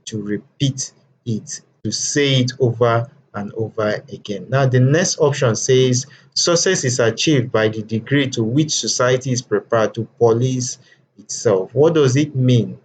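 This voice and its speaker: A man's voice: medium pitch, a little slow, slight background noise, rough recording. A man teaching an exam prep lesson over on-screen slides. He often asks "what?" and answers it himself.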